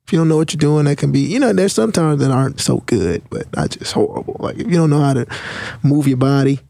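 Gravelly man chatting loosely. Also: fairly high pitch, fast talker. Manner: loose, filler-heavy, thinks out loud. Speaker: podcast guest. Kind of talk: casual chat.

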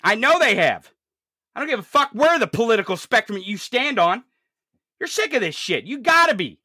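A commentator delivering an angry, profanity-heavy political rant, swinging from low growls to shouts. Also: big pitch swings, normal speed, breathy edge, dry recording, studio quality.

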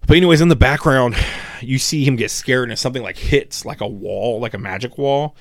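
A man co-hosting a podcast, rambling in casual, animated chat and swearing freely. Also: mid-range voice, fairly quick, dry recording. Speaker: podcast co-host.

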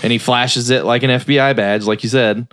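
A man's voice: medium pitch, fairly even intonation, fairly quick, fairly bright tone, no room sound, clean studio sound. A man casually retelling a film's plot on a review podcast, rambling and swearing with many fillers. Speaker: film review podcast host. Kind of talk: casual chat.

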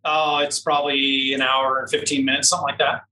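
Male guest, lively storyteller, bright tone, roomy echo, set back from the mic. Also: medium pitch, brisk, far from the mic, a little hiss or hum. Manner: animated storyteller, laughs often. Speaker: interview guest, off-road racer. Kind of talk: casual storytelling interview.

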